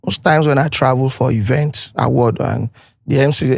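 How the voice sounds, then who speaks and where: A man's voice: medium pitch, moderate pace, gravelly, slightly rough, no echo. Emphatic Nigerian man, dry studio sound. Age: older. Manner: emphatic, animated storytelling, mimics others. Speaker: guest. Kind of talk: podcast conversation.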